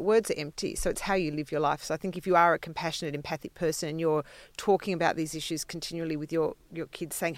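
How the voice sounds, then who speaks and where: A woman on a podcast panel, giving frank, animated opinions on parenting. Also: low-pitched, no echo. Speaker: podcast guest, writer. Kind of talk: casual panel chat.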